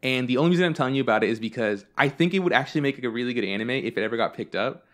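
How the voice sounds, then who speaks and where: Podcast guy rambling through stories, lots of likes and ums, cusses a bunch, normal pitch. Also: lively intonation, very fast. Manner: rambling storyteller, swears freely, many fillers. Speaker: podcast host. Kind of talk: casual chat.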